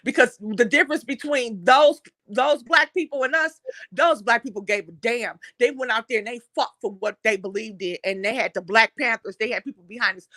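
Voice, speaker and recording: A woman's voice: a little high, bright, forceful tone, dry recording. A woman hosts an impassioned monologue. She talks bluntly and heatedly and swears often. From Detroit, USA. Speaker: online talk show host.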